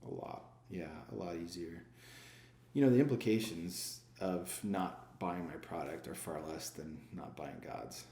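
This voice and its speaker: A man's voice: deep voice, a little slow, creaky, warm tone. A man, a sales manager and former pastor, talking reflectively in a casual interview, asking himself rhetorical questions and answering them. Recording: echoey room.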